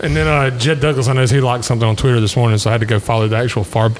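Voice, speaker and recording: A man's voice: mid-range voice, steady tone, rapid-fire. Laid-back guy saying dude. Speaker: podcast co-host. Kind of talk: casual chat.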